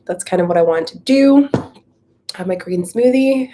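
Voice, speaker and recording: A woman's voice: medium pitch, lively intonation, a little slow, warm tone. A woman hosting a live Q&A and chatting casually with viewers, out of breath, greeting them by name, with many likes and ums. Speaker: spiritual coach hosting a live Q&A. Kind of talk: casual livestream chat.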